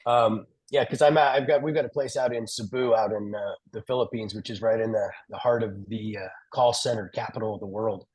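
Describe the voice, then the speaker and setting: Husky-voiced man asking questions. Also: on the low side, steady tone, a little mellow, poor audio. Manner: halting, repeats words, many fillers. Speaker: caller, business owner. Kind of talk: casual Q&A.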